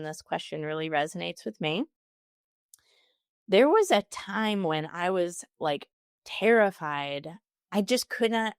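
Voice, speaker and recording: A woman's voice: lowish voice, creaky, no echo, studio quality. A woman hosting a solo podcast, giving chatty, encouraging advice and laughing often. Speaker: podcast host.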